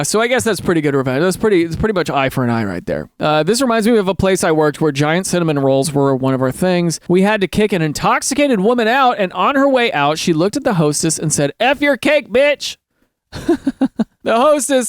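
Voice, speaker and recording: A man hosting a show, reading online stories aloud and breaking into jokey, excitable commentary. He talks casually and keeps calling the listener dude. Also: on the high side, no echo, clean studio sound. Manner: excitable, jumps between reading and loud animated asides. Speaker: host.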